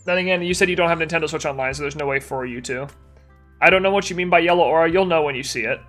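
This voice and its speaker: A man's voice: a little high, racing, fairly bright tone, faint music behind. A young man live-streaming a game, tired and yawning, chatting casually and answering chat while he plays.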